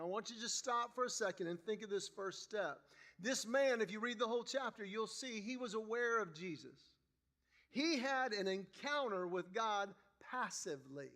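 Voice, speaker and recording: A man preaching a sermon in a church, telling a story with lively acted-out dialogue. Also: high voice. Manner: animated storyteller acting out dialogue. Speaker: guest preacher.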